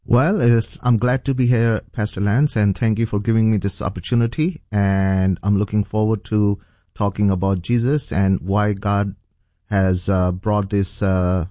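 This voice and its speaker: A middle-aged pastor tells his testimony in an earnest, halting way, full of fillers and restarts. His voice sits low and mellow. The recording is dry, with no room echo. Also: fairly even intonation. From Pakistan. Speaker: pastor and guest. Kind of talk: telling a personal testimony.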